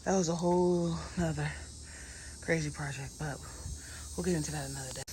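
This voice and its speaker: A woman's voice: sits low, fairly even intonation, brisk, warm tone, slight background noise, low-quality recording. Chatty, sweaty woman vlogging at home. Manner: chatty, laughs often, talks to viewers as y'all. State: sweaty from yard work. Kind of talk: casual chatty vlog. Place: at home, in the backyard and indoors.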